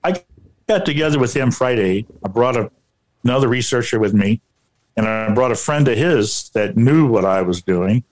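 Guy recounting a story, kinda halting, lots of you-knows, ordinary mid-pitched voice. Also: expressive, a little mellow. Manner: halting, repeats himself, many fillers. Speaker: paranormal researcher. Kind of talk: telling a personal story.

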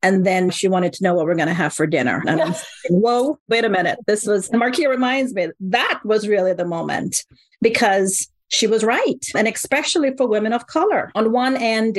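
Animated woman in her fifties, storytelling. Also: medium pitch, normal speed, no echo. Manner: animated, exclamatory. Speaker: guest, co-founder. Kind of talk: conversational storytelling.

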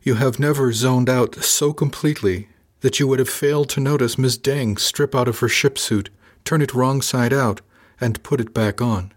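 A man's voice: medium pitch, normal speed, pitched above the performer's own voice, close to an everyday voice. A man voicing a wry young female ship officer who teases with a drawl in a science fiction audiobook. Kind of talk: audiobook character voice.

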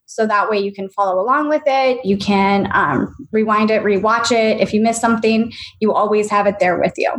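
A woman's voice: mid-range voice, normal speed, hardly any pauses, a little hiss or hum, rough recording. A woman co-hosting a podcast as an intuitive coach, easygoing and explanatory in casual chat.

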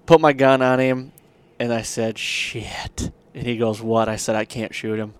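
A man's voice: medium pitch, a little fast, smooth. Rambling man telling a hunting story. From Michigan. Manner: rambling, animated, lots of fillers. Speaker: podcast host. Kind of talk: casual storytelling.

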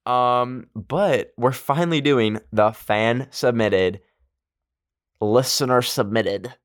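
A man's voice: medium pitch, takes it slowly, dry recording, studio quality. A man hosting a podcast in casual chat, giddy and self-mocking, rambling off track and laughing at himself. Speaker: podcast host.

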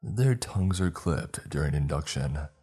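A smug, beaming official who lectures with calm self-assurance, as a narrator voices him. The voice is very deep and husky, and faint music plays behind it. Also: male voice, a little slow, exaggerated voice. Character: beaming smug male official, secretive and proud. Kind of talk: read-aloud dialogue in a horror story.

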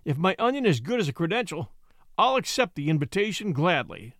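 Man playing a polite, down-and-out young gentleman. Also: high-pitched, sing-song, no room sound, clean studio sound. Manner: polite, formal, slow and emphatic.

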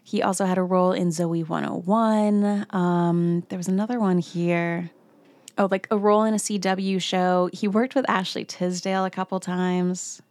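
A young woman hosting a casual commentary vlog, ranting in an animated way with lots of swearing and filler words. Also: fairly low pitch, moderate pace, dry recording. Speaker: commentary host.

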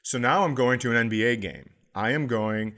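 A middle-aged man tells a rambling comedy-podcast story, talking casually and jumping into animated impressions of the people he meets. His voice sits at an ordinary pitch for a man. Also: normal speed.

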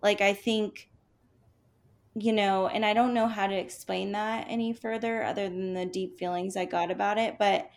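A woman's voice: mid-range voice, normal speed. A young adult woman co-hosting a chat show, telling a story with many fillers and acted-out quotes. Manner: animated, lots of "like" fillers, acts out quotes. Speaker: podcast co-host.

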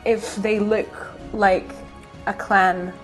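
A woman's voice: mid-range voice, level tone, very slow. Woman, tabletop player, tentative delivery, faint background music. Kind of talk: casual tabletop play.

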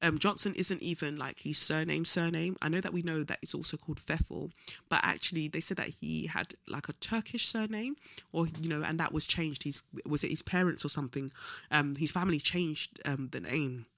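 A man's voice: on the high side, expressive, a little fast, sharp tone, dry recording, clean studio sound. A young man gives a casual political commentary monologue, blunt and scornful, full of slang and frequent ums. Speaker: vlogger.

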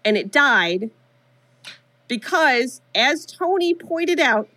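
A woman's voice: sits high, animated, sharp tone, dry recording. A woman co-hosting a podcast live, chattily retelling a movie's plot scene by scene. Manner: chatty, retells scenes with quick quoted voices. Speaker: podcast co-host. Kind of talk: casual movie recap. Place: live show venue.

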